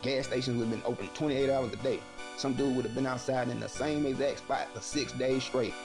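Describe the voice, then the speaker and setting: Gravelly joking Texan news host. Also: male voice, medium pitch, steady tone, a little fast, over music. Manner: loud joking slangy delivery. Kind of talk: comedic news commentary.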